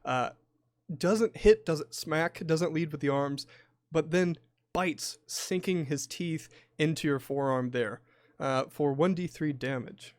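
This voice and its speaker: A man's voice: fairly high pitch, slow pace, dry recording, studio quality. A man running a tabletop horror game, narrating scenes in detail with frequent filler words. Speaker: game master.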